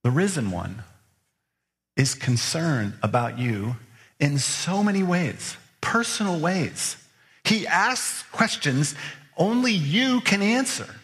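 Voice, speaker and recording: A man's voice: on the high side, big pitch swings, takes it slowly, fairly bright tone. Man, pastor, sermon, earnest, probing rhetorical questions, long hall echo. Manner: earnest, presses listeners with repeated questions. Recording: long reverb of a large hall.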